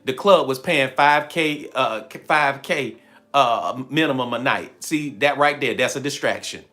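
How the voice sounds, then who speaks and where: This time the host's voice sits at medium pitch with a sharp tone and a measured pace. He's still running his spiritual livestream playfully, laughing often and acting out quoted lines for viewers.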